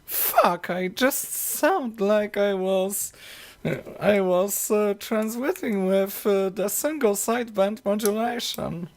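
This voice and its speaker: A woman hosting a casual electronics live stream, talking haltingly with many fillers and restarts, with a tickly cough. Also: medium pitch.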